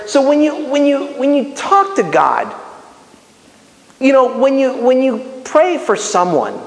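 A man from Miami teaching a Bible lesson in a sermon style, acting out prayers with lots of restarts. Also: high voice. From Miami, United States. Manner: animated, acts out prayers, many restarts. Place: community center hall. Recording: echoey hall with long reverb.

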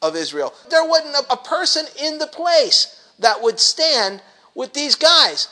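Bright, high-voiced man teaching a Bible study. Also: unhurried. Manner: animated, many restarts, acts out grumbling voices.

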